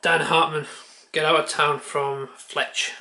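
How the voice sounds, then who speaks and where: A man's voice: a little high, flat delivery, slow pace, sharp tone, slight background noise. A man vlogging at home, chatting offhand with a handheld camera, muttering and swearing casually. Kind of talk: casual chat.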